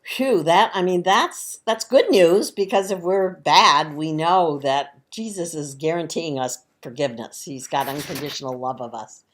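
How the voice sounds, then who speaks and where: Brief: woman leading a kids' church talk, low voice, warm chatty explaining. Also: unhurried, hardly any pauses. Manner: gentle, chatty explaining to kids. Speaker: children's time leader at church. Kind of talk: children's sermon.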